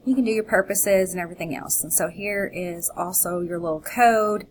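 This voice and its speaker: A chatty woman teacher walks through a screen recording, thinking aloud as she clicks. Her voice sits a little low for a woman, and faint hiss runs under it. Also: fairly quick, rough recording. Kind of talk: screencast tutorial.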